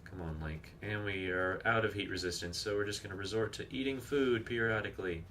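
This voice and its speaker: Male streamer, deep voice, chatty and rambling, casual live gameplay talk. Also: brisk, a bit bright, a little hiss or hum. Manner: chatty, rambling, reads chat aloud and explains game tricks.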